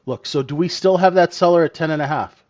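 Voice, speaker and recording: A man's voice: fairly high pitch, fast, darkish tone. A man teaching live in a trading room, blunt and emphatic, tagging sentences with "right?". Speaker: trading mentor. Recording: dull lo-fi stream audio.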